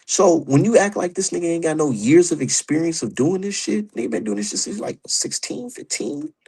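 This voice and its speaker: A man's voice: fairly high pitch, expressive, a little fast, vocal fry, dark tone, husky. A man ranting about boxing on his stream, heated, profane and mocking. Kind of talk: opinionated casual rant.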